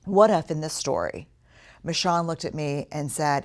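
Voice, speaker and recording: Woman, low voice, frank storytelling talk, lively, acts out her inner thoughts. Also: normal speed. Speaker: speaker on courage and leadership.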